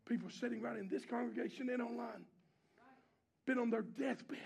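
A man with a strikingly high, gravelly voice preaches a sermon to his congregation in a church. He calls out to the listeners again and again, swinging from shouted exhortation to quiet, hushed lines. His tone is fervent and pastoral. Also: moderate pace. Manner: impassioned preaching, swings between shouting and hushed, low delivery; repeated call-and-response exhortations to the congregation.

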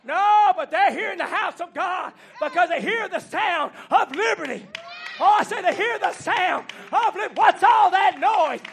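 A high, gravelly-voiced man preaches a fiery revival sermon, hammering out repeated phrases and shouting exhortations to the people. A congregation murmurs faintly behind him in the hall. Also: animated, moderate pace, some chatter behind. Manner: shouting, rhythmic repetition, call-and-response exhortation. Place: church banquet hall.

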